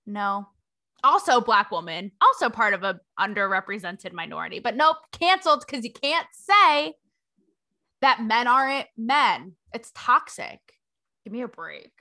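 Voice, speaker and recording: A young woman reporter hosting her own show, talking to camera in a sarcastic, animated way and laughing between points. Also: on the high side, a little slow. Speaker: reporter and host. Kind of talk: opinionated talk to camera.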